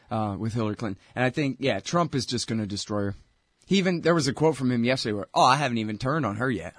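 A man hosting his own show, ranting in an exasperated, opinionated way, with loud outbursts that drop to mutters. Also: medium pitch, no echo, clean studio sound. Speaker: show host. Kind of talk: opinionated political commentary.

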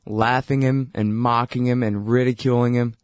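A man's voice: mid-range voice, little pitch movement, normal speed, dry recording, studio quality. A male radio host giving blunt, heated political commentary in a conversational way, with frequent fillers.

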